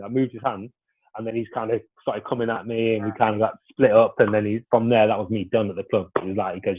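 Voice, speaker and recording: A man's voice: lowish voice, fairly even intonation, fast talker, husky. A man, a former footballer telling stories in a casual, rambling way with lots of restarts. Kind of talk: casual storytelling interview. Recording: phone-like narrow sound.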